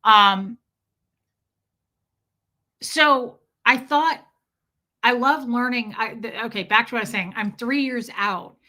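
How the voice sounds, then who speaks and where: A woman's voice: on the high side, slow, pauses often, pushed and bright. A woman hosting a casual livestream, reading chat and rambling, cooing over her cat and swearing offhand. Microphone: streaming setup.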